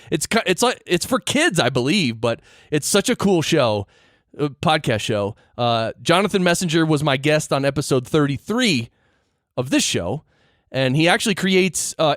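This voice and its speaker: A man hosting his podcast in a casual chat, easygoing and quick to laugh, with loose, filler-heavy phrasing. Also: on the high side, no echo, studio quality. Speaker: podcast host.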